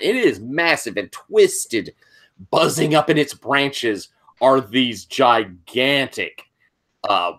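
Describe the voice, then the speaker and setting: A man running a tabletop game as game master, slowly describing scenes with frequent pauses and restarts. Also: medium pitch, fairly bright tone.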